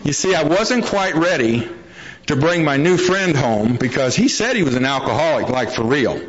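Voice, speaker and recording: A middle-aged man with a voice on the high side speaks at a normal pace, sounding animated. He tells an audience a funny recovery story in a plain-spoken, folksy, joking manner. The recording is dull and lo-fi.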